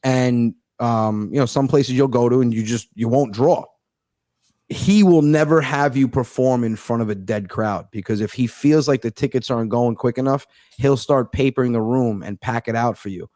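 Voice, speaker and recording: A young male comedian talking at an ordinary mid pitch, close to the mic with a dry sound. He tells stories in loose, profane chat and bounces between voices as he acts out what other people said. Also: moderate pace, mellow, no echo. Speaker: guest comedian. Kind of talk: casual storytelling chat.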